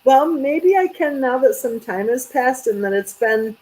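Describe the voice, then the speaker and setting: Chatty woman host, slightly high voice. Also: expressive, unhurried, a little mellow, low-quality recording. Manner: chatty, rambling, trailing off. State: sleepy, yawning. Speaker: channel host. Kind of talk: casual chat.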